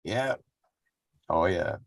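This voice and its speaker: Give me a podcast co-host with a low, gravelly voice and lively pitch, talking in a laid-back, halting way full of fillers. He sounds dry and close to the mic. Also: no room sound. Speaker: podcast co-host, wrestling reporter. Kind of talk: casual wrestling podcast chat.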